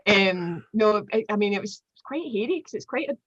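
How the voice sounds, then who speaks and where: A Glaswegian woman in her forties, a guest telling animated stories in a casual chat with lots of fillers. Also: mid-range voice, moderate pace, dull audio, crowd noise. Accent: Glaswegian Scottish. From Glasgow, Scotland. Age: 40s. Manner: animated storyteller, chatty with many fillers.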